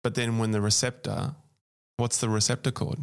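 A man's voice: fairly low pitch, little pitch movement, brisk, creaky, clear, resonant tone. A man co-hosting an educational podcast, dry and matter-of-fact, dropping in short remarks during casual chat. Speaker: podcast co-host.

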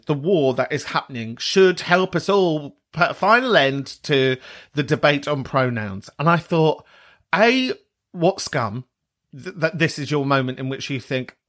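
A British man hosting a podcast, talking in a sweary, animated rant with laughter between points. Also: a little high. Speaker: podcast host. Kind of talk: casual monologue.

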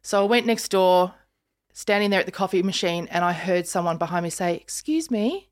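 Animated Australian woman in her fifties. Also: lowish voice, brisk, clear, resonant tone. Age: 50s. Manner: animated storyteller, acts out voices in quotes. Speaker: podcast host. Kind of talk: casual chat.

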